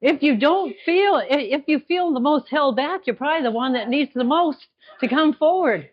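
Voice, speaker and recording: A woman leading a group session, gentle, encouraging and playful. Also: sits high, expressive, moderate pace, muffled recording. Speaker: workshop facilitator.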